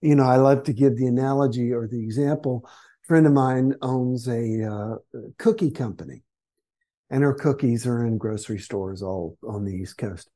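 A man's voice: mid-range voice, normal speed, warm tone. A man who is a guest on a podcast interview, telling stories and acting out the voices of the people in them. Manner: storytelling that acts out quoted complainers. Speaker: guest author.

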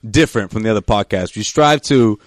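A man's voice: fairly low pitch, fairly quick, dry recording, clean studio sound. A man co-hosting a podcast in casual chat, enthusiastic and prone to repeating himself. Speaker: podcast co-host.

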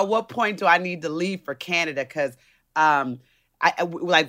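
A woman's voice: fairly low pitch, normal speed, a bit bright. A woman guest comedian in casual podcast chat, playful and jokey.

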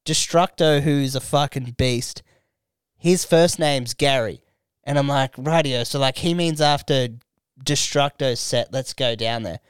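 A man's voice: medium pitch, a little slow, clear, resonant tone, no room sound. An Australian man hosting a podcast, telling a long, rambling story in casual chat, swearing freely and acting out everyone's voices. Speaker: podcast host.

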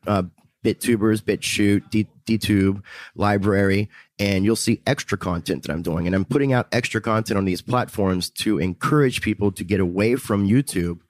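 A man's voice: fairly low pitch, no room sound. A man as a YouTuber guest in a casual interview chat, rambling and repeating himself. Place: restaurant VIP room.

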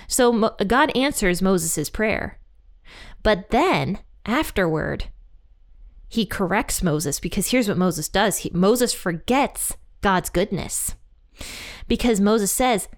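A woman's voice: medium pitch, lively intonation, slow. A woman hosting an episode, retelling a Bible story in a chatty, blunt, conversational way. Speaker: podcast host teaching the Bible.

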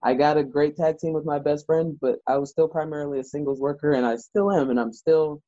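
A man's voice: fairly high pitch, brisk, no echo, lo-fi sound. A man, a wrestler guest, telling stories in a casual interview with lots of filler words. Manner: animated storyteller, lots of "like" fillers.

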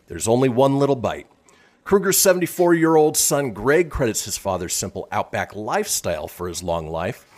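A man hosting a radio show, reading news items and joking casually with his co-host. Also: lowish voice. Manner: animated, joking delivery with fillers. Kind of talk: casual comedic news chat.

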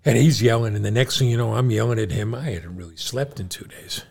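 Speaking a little fast in a creaky, medium-pitched voice over some background noise, John's father, a middle-aged podcast co-host, recounts a lengthy family tale to his son. He animates it by performing the characters, doing voices for the doctors he quotes.

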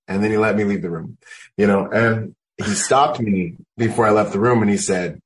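A man's voice: lowish voice, normal speed, a little hiss or hum, low-quality recording. A military veteran, a man, recounting his experiences in loose, casual storytelling full of "like.".

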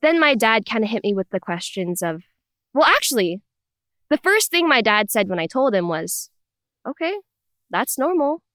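Brief: young adult woman, podcast guest, animated storyteller, dry close recording. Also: medium pitch, normal speed, no echo. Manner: animated, acts out her parents' voices in quotes. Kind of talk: storytelling conversation.

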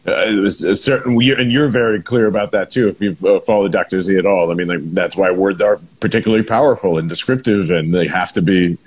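Husky man, halting host. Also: low voice. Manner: halting, searching for words, many restarts. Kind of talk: casual chat.

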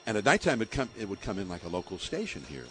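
A man's voice: lowish voice, fast talker, soft background music. An older male baseball broadcaster from the San Francisco Bay Area, telling stories in an interview with lots of laughter. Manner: lively anecdotes, laughing often, with many fillers. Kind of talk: storytelling in an interview.

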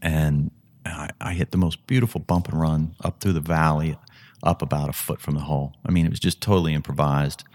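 Low-voiced middle-aged man telling stories. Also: fairly even intonation, brisk, darkish tone. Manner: vivid storyteller with frequent restarts. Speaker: golf analyst and guest. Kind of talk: conversational storytelling.

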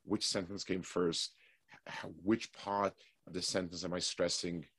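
A man teaching a weekly Torah class, explaining slowly with restarts and reading passages of Hebrew text quickly. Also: sits low, flat delivery, a bit bright, slightly rough, no room sound.

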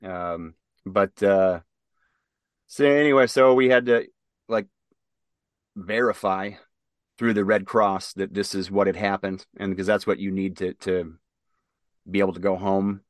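Dry-voiced man telling a halting story. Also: deep voice, fairly even intonation, dry recording. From Nebraska. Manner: halting, many fillers and restarts. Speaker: interview guest, military veteran. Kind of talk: casual spoken storytelling.

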